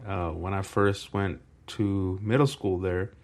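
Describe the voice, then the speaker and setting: A man in his forties from Canada, co-hosting a podcast in casual chat, telling stories with lively acted-out quotes. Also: deep voice, slow pace. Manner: animated storyteller, acts out quoted voices. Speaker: podcast co-host.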